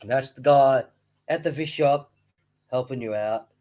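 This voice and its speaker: A man's voice: medium pitch, unhurried, darkish tone. A man, hosting a fishkeeping channel, chatting casually and rambling with jokey asides. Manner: rambling, jokey, acts out silly voices. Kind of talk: casual chat, leafing through old books.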